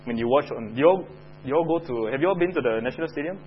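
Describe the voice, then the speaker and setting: A man's voice: medium pitch, lively intonation, rapid-fire, highs cut off, slight background noise. A man with a Singaporean English accent teaching a Bible lesson to children, chatting and asking the class questions.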